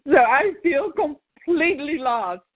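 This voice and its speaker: A woman in a therapy session, angrily venting and swearing at her partner, repeating her words. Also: high-pitched. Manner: furious, swearing, repeating herself. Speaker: therapy client. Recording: tinny dry phone-like sound.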